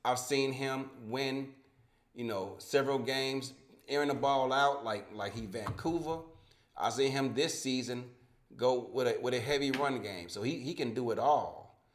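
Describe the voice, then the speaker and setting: A man's voice: medium pitch, unhurried. Profane, heated podcast host man. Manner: profane, heated, rambling with restarts. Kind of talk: casual sports podcast banter. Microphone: home microphone with dropouts.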